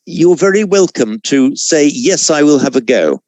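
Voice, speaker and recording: A man teaching a Sanskrit class over a video call, explaining pronunciation in a measured way with frequent self-corrections. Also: on the high side, lively intonation, darkish tone, no echo. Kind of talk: online class lecture.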